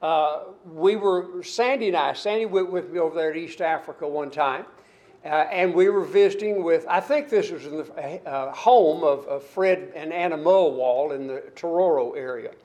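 A man's voice: on the high side, normal speed, darkish tone. An older man from the United States preaching a sermon, rambling, repeating and restarting phrases and drawing out key lines.

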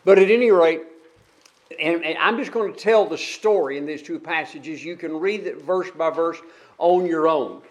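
High-voiced male preacher telling a story. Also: normal speed. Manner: repeats words when restarting, folksy asides; retells a story with emphasis. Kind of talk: sermon.

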